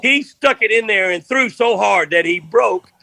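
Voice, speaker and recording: Gravelly older man spinning yarns. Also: high-pitched, normal speed, no echo. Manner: rambling, animated anecdote telling. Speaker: fishing guest. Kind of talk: folksy storytelling.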